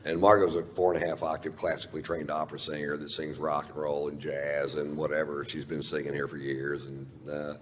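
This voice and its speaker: Deep-voiced man telling a stand-up story. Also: level tone, a little fast, few pauses. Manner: laid-back, profane storytelling. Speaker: stand-up comedian. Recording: reverberant live hall, faint hiss.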